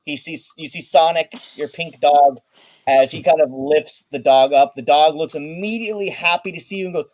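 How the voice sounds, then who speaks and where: A man's voice: a little high, normal speed, darkish tone. A man narrating a tabletop game as dungeon master in a laid-back, casual way.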